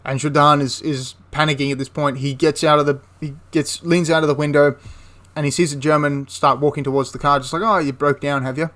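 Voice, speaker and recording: A man's voice: a little high, level tone, fairly quick, a bit bright. A young man casually retelling a wartime history story, chatty and prone to correcting himself mid-sentence. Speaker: history channel host.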